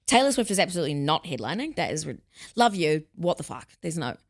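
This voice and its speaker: Lively, sweary woman. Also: low-pitched, quick pace. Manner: blunt, sweary, animated storytelling. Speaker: podcast co-host. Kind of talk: casual chat.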